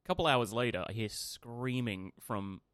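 A man co-hosting a radio show, telling a lively anecdote in casual chat and acting out the quotes. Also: medium pitch, normal speed, no room sound, clean studio sound. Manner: animated anecdote teller, acts out quotes. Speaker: radio co-host. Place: radio studio.

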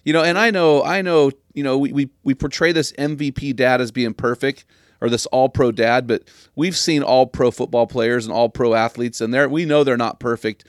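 A man's voice: medium pitch, steady tone, normal speed, no room sound. Man, podcast host, earnest, preachy, emphatic, dry close sound. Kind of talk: casual podcast conversation.

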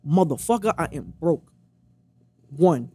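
A man's voice: a little high, lively intonation, a little slow, mellow, breathy edge. A young man telling a personal story in blunt, profane casual talk, acting out the dialogue as he goes.

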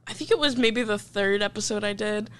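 A young woman hosting a podcast, chatting casually and teasing her guest with quick jokes. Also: medium pitch, clear, resonant tone. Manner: quick, joking interjections. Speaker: podcast host. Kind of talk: casual chat.

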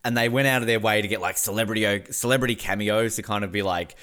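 A man's voice: lowish voice, steady tone, fast talker, a bit bright. A man co-hosting a podcast in casual chat, rambling and joking with crude asides. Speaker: podcast co-host.

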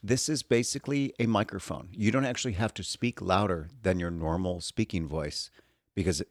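A man's voice: low-pitched, normal speed, no echo, studio quality. A man co-hosting a casual chat, blunt and profane, acting out his rants. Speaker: podcast co-host.

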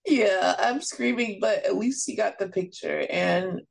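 A woman's voice: mid-range voice, unhurried, creaky, breathy edge, poor audio. A woman hosting a podcast, blunt and playful in casual chat. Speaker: podcast host.

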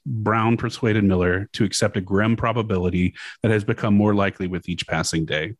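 A young man hosting a podcast, casually chatting and reading news quotes aloud, swearing and pausing with fillers. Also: lowish voice, no echo. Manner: casual, profane, halting with fillers. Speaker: podcast host.

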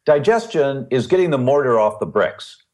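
A middle-aged man speaks as a podcast guest, explaining things the way a teacher would. His pitch is in the middle of the range, but it swings widely and with energy as he builds vivid analogies and repeats his key points. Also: sing-song, normal speed, darkish tone. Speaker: guest expert on gluten and health.

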